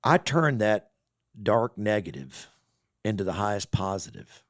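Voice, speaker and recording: A gravelly middle-aged man with a drawl tells a story on a podcast, his voice rising and falling as he plays every part himself. His voice sits fairly low and sounds close and dry, with no room around it. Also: no echo. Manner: animated storyteller acting out both sides of a conversation. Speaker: car wash owner, podcast guest. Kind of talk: casual storytelling interview.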